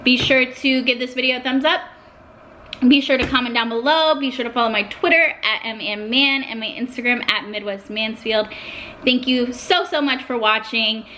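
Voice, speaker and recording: Bright-voiced young woman vlogging. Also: on the high side, moderate pace, slight background noise. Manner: heartfelt, emotional at times. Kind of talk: casual talk to camera.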